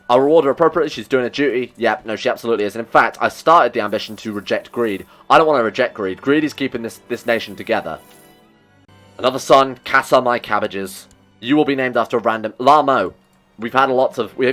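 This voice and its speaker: A man hosting a strategy game playthrough, talking excitedly to his in-game characters and joking at his own mistakes. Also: medium pitch. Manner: self-mocking asides. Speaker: gaming video host. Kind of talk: let's play commentary.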